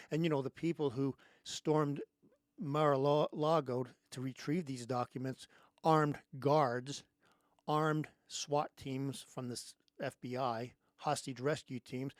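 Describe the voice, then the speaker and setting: A man's voice: mid-range voice, darkish tone, no echo. A man hosting his own show, giving an angry, sarcastic political monologue straight into a close microphone. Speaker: host.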